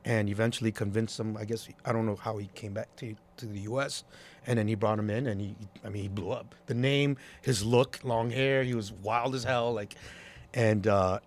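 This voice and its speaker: A club promoter and DJ with a lowish voice tells stories at normal speed in a casual interview. He's animated and acts out the voices of the people he quotes.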